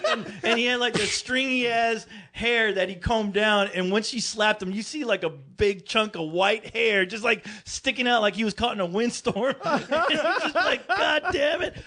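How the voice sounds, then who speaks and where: A man's voice: moderate pace, few pauses. A man on a podcast telling a funny story in casual chat. He laughs a lot and swears freely. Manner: animated, laughing, swears freely, jumps into high voices for quoted people. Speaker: podcast co-host.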